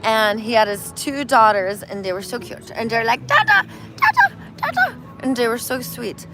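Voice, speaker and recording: A woman, a spiritual healer, talking casually and telling animated stories, acting out voices as she goes. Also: fairly high pitch, moderate pace, over music, poor audio. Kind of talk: casual street conversation.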